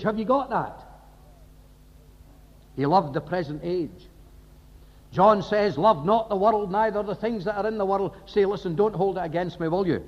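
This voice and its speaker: A man preaching an impassioned sermon, often firing rhetorical questions at the congregation. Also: sits high. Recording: dull lo-fi recording in a reverberant hall.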